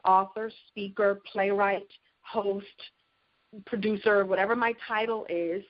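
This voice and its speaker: Middle-aged woman speaker, animated motivational storyteller, mid-pitched, slightly dull recording. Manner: animated storytelling, acts out catchphrases. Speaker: keynote speaker. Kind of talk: motivational keynote talk.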